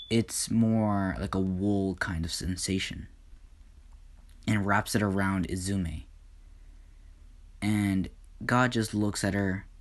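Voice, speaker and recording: Slow, low-voiced male storyteller. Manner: halting, with frequent fillers and restarts. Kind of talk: casual improvised fan-story narration.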